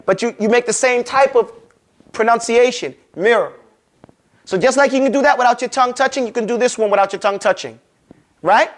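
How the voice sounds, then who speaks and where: A man with a strikingly high voice leads a Quran recitation class. He talks casually, keeps checking that students follow, and demonstrates each sound by drawing it out slowly and repeating it. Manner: drills pronunciation, stretching sounds slowly and repeating them; casual, conversational teaching with frequent check-ins. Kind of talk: classroom lesson.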